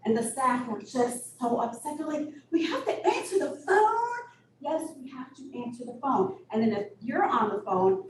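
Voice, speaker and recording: A woman executive director telling candid stories in an interview, blunt and animated, with sudden high-pitched bursts. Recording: echoey room, distant mic, audible noise.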